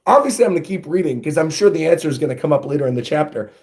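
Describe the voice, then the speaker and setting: A man hosting a casual reaction, thinking out loud as he reads panels aloud. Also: on the high side, big pitch swings, fast talker. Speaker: manga reaction host.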